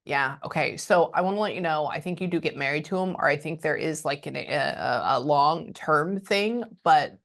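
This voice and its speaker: Chatty woman medium, halting and casual. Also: low voice. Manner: chatty, halting, trailing off and cursing. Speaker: spiritual medium. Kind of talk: casual reading session.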